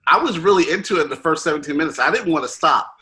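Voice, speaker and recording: Bright-voiced man chatting casually. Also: fairly high pitch, animated, rapid-fire. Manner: rambling, with many fillers and restarts. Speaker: podcast host. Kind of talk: casual movie review chat.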